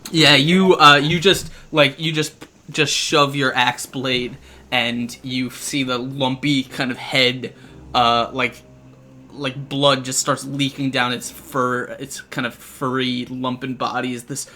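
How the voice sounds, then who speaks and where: A man's voice: mid-range voice, little pitch movement, slow, sharp tone, slight background noise. A man narrating as game master in a live-streamed tabletop game, stumbling over restarts and then describing gory detail vividly.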